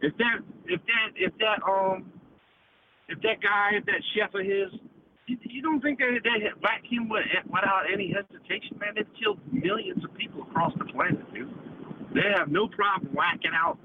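A man's voice: high voice, moderate pace. A man calling in to a talk show, rambling and profane, ending nearly every phrase with "man". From United States. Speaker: caller. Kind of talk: casual call-in chat. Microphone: phone call. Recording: tinny phone line with noise.

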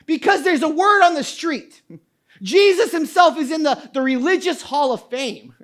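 A woman preaches a sermon in a high, bright-toned voice. She presses her points with emphatic, repeated questions. She slips quoted lines in as asides. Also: expressive, normal speed. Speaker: pastor.

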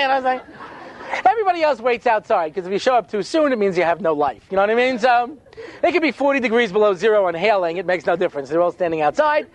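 A man, a rabbi, telling funny stories in an animated way, with quick asides and acted-out voices. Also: high-pitched. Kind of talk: humorous storytelling talk.

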